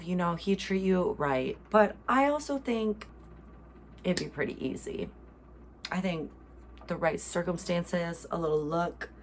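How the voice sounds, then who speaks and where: A woman's voice: lowish voice, a little hiss or hum. A young American woman hosting a casual reaction chat, talking in a playful, gushing way full of fillers. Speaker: host.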